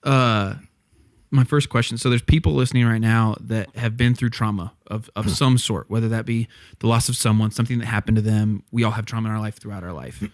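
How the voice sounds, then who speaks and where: A man co-hosting a podcast, putting measured, searching questions to his guest and often adding brief affirmations. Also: lowish voice, dry recording, clean studio sound. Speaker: podcast co-host. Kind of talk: thoughtful interview questions.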